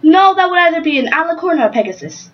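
High-voiced chatty unicorn girl, a woman putting her on, earnest and kinda halting, muffled lo-fi sound. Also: big pitch swings. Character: chatty young female unicorn. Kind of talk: improvised role-play interview.

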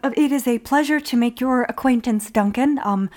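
A woman's voice: high voice, normal speed, darkish tone, lightly acted. A woman voicing a nervous, overly formal male assistant who stammers and over-explains. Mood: flustered.

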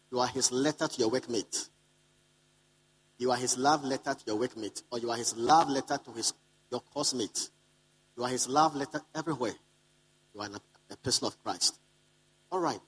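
Male preacher, mid-pitched, emphatic and repetitive, addresses the congregation directly. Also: fairly bright tone, low-quality recording. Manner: repeats key lines for emphasis; calls out to the congregation. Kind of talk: sermon to a live congregation. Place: conference hall.

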